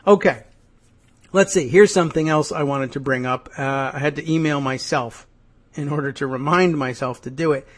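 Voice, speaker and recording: Speaking at a moderate pace in a voice that's a little high, this man hosts a podcast of political commentary. His manner is wry and musing, peppered with dry asides, hesitations, and lots of "uh" and "I guess."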